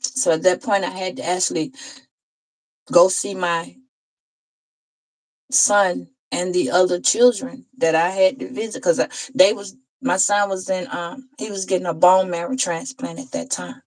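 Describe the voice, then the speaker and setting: A woman tarot reader telling an emotional personal story in a heartfelt, conversational way, pausing and restarting as she goes. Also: fairly low pitch, fairly even intonation, darkish tone, rough recording.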